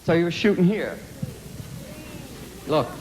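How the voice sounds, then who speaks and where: A man's voice: a little high, lively intonation, a little slow, a little mellow, slight background noise. A man with a slightly raised voice speaks to a hall of students in an emphatic anti-drug talk. He talks bluntly in streetwise words, repeats key points and keeps firing direct questions at his listeners. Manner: emphatic and repetitive, asks the audience direct questions.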